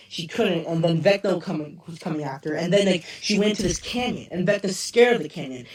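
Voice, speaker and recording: A hoarse-voiced man rambling excitedly through a casual review. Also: sits high. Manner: rambling and excitable, loses track of names. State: hoarse, strained voice. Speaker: show reviewer. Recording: roomy, distant mic.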